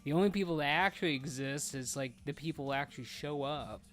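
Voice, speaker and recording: A man's voice: fairly high pitch, quick pace, fairly bright tone, soft background music. Blunt, cursing male raid leader. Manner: blunt, profane, bossy instructions to teammates. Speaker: raid leader streaming an online game. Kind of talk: casual live gaming chat.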